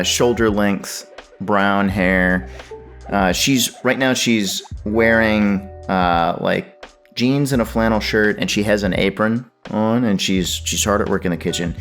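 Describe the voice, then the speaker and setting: Man, game master, fairly low voice, hesitant with fillers, faint music behind. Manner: hesitant, many fillers and restarts. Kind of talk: narrating a tabletop game.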